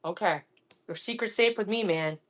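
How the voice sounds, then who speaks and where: A middle-aged woman from Florida chatting casually while cooking in her home kitchen, laughing often and sometimes dropping to a soft half-whisper. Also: medium pitch, normal speed. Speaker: live-stream cooking host.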